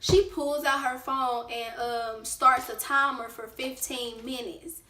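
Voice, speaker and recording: A woman vlogger telling a casual storytime, lively and acting out what people said. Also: fairly high pitch, takes it slowly, far from the mic. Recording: roomy echo, away from the mic.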